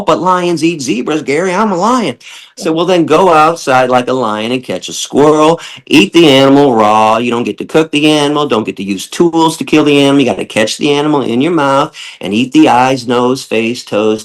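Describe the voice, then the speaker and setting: A man's voice: medium pitch, rough recording. A man from Michigan, a guest on a podcast, talking bluntly and with profanity, ranting and mocking opponents in quoted voices. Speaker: guest, animal rights lecturer. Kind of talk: impassioned podcast interview.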